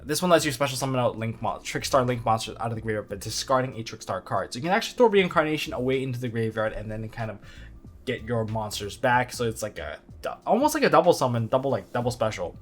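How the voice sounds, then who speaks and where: A man hosting a video, giving casual analysis commentary on a card game with animated, up-and-down delivery and dry sarcastic asides. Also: fast, faint music behind. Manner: animated, jumping between excited highs and low asides.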